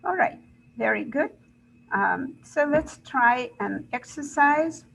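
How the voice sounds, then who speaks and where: A woman's voice: sits high, expressive, vocal fry, a bit bright, breathy edge, poor audio. A woman teaching an English grammar lesson, explaining rules step by step and checking in with "right?". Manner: slow, deliberate, repeats examples and checks with "right?".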